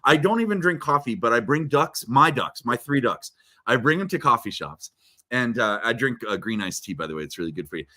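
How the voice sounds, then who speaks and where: Animated man telling a story. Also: medium pitch, brisk. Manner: animated storyteller, repeats words, swings loud and soft. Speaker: guest speaker. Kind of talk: casual interview chat.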